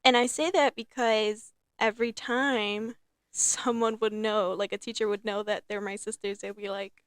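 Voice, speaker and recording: A young woman hosting her own podcast in casual, rambling talk, repeating herself and filling pauses with um and like. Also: medium pitch, fairly even intonation, no echo, clean studio sound. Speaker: podcast host. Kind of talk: casual solo podcast chat.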